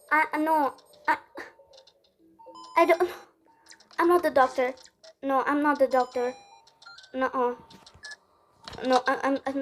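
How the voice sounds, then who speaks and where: High, jumpy young woman gaming. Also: takes it slowly, long pauses, faint music behind. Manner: jumpy, panicky, squealing at scares. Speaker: gamer playing a horror game. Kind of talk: live gameplay commentary. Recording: noisy home recording.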